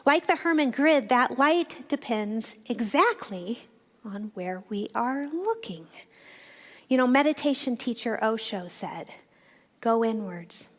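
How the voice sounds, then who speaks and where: A woman's voice: on the high side, lively intonation, slow pace. A woman minister giving a reflective, storytelling sermon, speaking directly to her congregation in a church. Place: church sanctuary.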